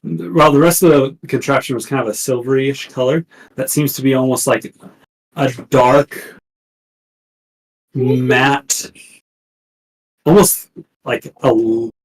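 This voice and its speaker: A man's voice: medium pitch, steady tone, slow, pauses often, rough recording. Male game master, rambling descriptive narration.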